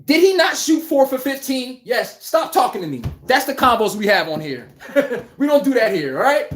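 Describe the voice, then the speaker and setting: Man, podcast host, blunt sports rant, animated, roomy echo. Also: very high voice, normal speed, slight background noise. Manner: blunt, animated, swearing, laughing. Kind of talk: casual live-stream sports rant.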